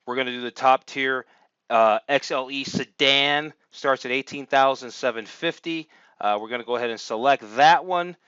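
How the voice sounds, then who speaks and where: A man's voice: medium pitch, moderate pace, bright, forceful tone, clear, resonant tone, no echo. Casual male reviewer, chatty and upbeat, lots of "uh"s; dry, dull-sounding home mic. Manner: chatty and upbeat, thinking aloud with many fillers. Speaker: car review host. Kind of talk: casual screen-share review commentary.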